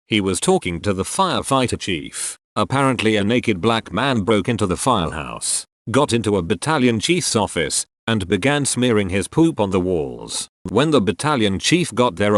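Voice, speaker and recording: A man reads online posts aloud in a casual, dry manner, dropping wry little comments between them. His voice sits on the low side yet moves up and down a lot. Soft background music plays under the narration. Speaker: narrator reading Reddit posts.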